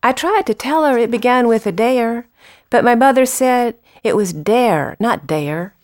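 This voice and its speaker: A woman poet reading her poems aloud with unhurried, expressive phrasing and short spoken introductions. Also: fairly high pitch, no room sound, clean studio sound.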